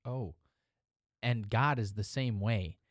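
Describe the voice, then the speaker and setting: A man's voice: on the low side, slow, dry recording, studio quality. A man co-hosting a casual church podcast discussion, talking in an earnest and emphatic way.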